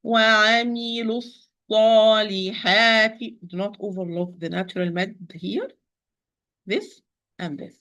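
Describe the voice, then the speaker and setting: A woman's voice: lowish voice, unhurried, pauses often, darkish tone. A woman teaching Quran recitation, who works methodically through each sound, demonstrating syllables one at a time and patiently correcting common mistakes. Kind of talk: tajweed pronunciation lesson.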